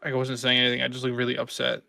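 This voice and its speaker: A young man hosting a casual podcast chat, groggy after oral surgery, loose and halting, laughing often. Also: mid-range voice, completely flat delivery, vocal fry, pushed and bright, dry recording, studio quality. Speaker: podcast host.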